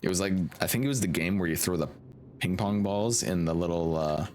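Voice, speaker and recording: A man's voice: low-pitched, a little fast, a little mellow, slight background noise. A man streaming a game, telling rambling, chuckling stories in casual chat and swearing freely. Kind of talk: casual chat while gaming.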